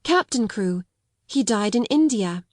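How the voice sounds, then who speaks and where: Quiet sad little orphan girl in a storybook, read by a woman, higher voice, dry sound. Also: a little slow, no echo. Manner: quiet, steady, unrelenting.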